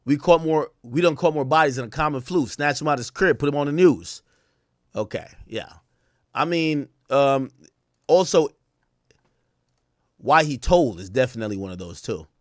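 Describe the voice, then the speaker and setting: A man streaming casual commentary, reciting rap lyrics in a chanting flow and then explaining them in animated, rapid bursts. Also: mid-range voice, no echo, studio quality. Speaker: streamer reacting to rap songs.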